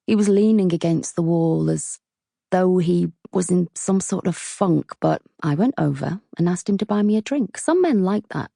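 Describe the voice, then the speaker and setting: A woman's voice: on the low side, lively intonation, normal speed, creaky, dark tone, dry recording, studio quality. A woman narrating a novel aloud in the first person, with a cheeky, wry storytelling manner. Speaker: audiobook narrator.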